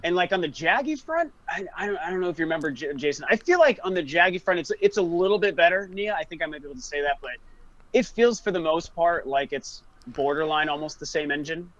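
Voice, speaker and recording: Man, show regular, fast and eager chatter, slightly high pitch. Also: highs cut off. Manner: excited, talks in restarts. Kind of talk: casual group chat.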